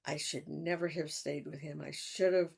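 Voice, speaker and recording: An older woman in a personal vlog, talking in a halting, reflective way with sighs and restarts. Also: sits low, fairly even intonation, creaky, husky. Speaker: vlogger.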